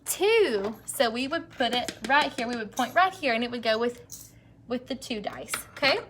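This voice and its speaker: A young woman teaches early readers, drawing each word out slowly and cheering them on. Her voice is bright and a touch high, with a faint hiss underneath. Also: lively intonation. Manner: slow, drawn-out word modeling, encouraging. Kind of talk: early-grade phonics lesson to camera.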